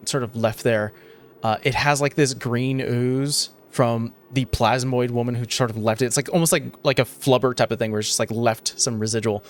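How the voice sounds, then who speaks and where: A man narrating a tabletop game as game master, relaxed and laid back, with many filler sounds. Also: medium pitch.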